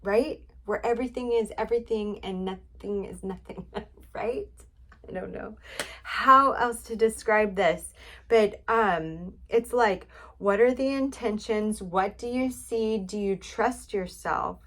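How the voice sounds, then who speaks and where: A woman hosting a relaxed spiritual reading, speaking at a mid-range pitch. She rambles in a friendly way and leans on fillers as she goes. She repeats her points to encourage the listener. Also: slow pace. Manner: chatty, rambling, many fillers; encouraging, repetitive. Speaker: spiritual card reader.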